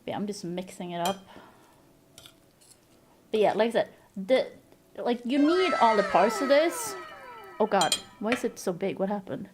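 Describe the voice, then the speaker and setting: Excitable woman streamer with a lively voice. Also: medium pitch, moderate pace, long pauses, background noise. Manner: excitable, gushing thanks, laughs and swears. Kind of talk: casual live-stream chat. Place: home desk. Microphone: desk microphone.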